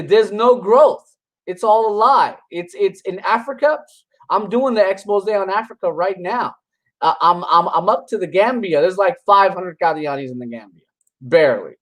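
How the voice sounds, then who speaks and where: Reacting to videos, a religious commentator with a voice that sits high comes across casual yet combative and dismissive. His sentences wander and restart, broken up by scoffing laughs. The recording sounds rough.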